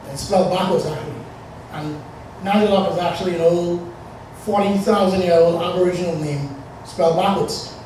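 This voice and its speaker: A Bahamian man in his forties rambles conversationally through a personal story, full of fillers, in a high, steady, slightly mellow voice at a fairly quick pace. He's recorded from a distance in a very echoey room with faint hiss underneath.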